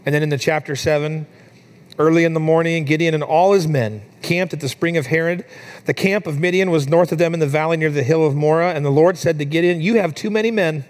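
A man in his thirties delivering a sermon in a slightly higher-than-average voice. He talks casually, with frequent fillers, telling personal stories. When the story turns tender, his voice climbs higher and grows softer. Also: fairly even intonation, quick pace. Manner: conversational storytelling with fillers, rising higher and softer in emotional moments. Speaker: pastor.

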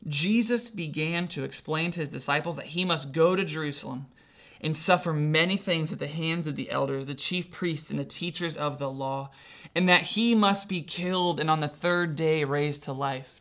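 A man's voice: on the high side, fairly bright tone. A male pastor preaching a sermon in an informal, conversational teaching style.

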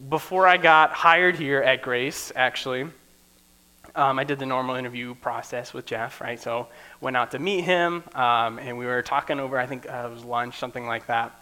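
A young man preaching in a relaxed, conversational way, often checking in with "right?" and acting out the people he quotes. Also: medium pitch, normal speed. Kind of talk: casual teaching sermon.

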